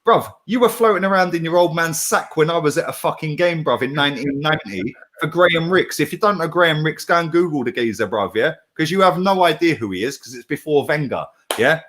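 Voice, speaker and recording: A middle-aged man talking in a brash, animated way, swearing and using slang. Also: fairly high pitch, fairly quick, few pauses. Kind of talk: casual chat.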